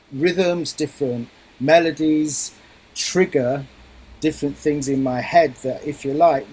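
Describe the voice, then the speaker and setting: A man's voice: medium pitch, a little mellow, husky, poor audio. A middle-aged man, a guest musician, explaining his craft thoughtfully in a radio interview.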